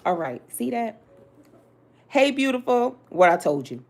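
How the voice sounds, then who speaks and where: A woman's voice: a little high, very animated, a little slow. Blunt, sassy woman reading tarot. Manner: blunt, sassy, talks straight to the listener with slang and cursing. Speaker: tarot reader.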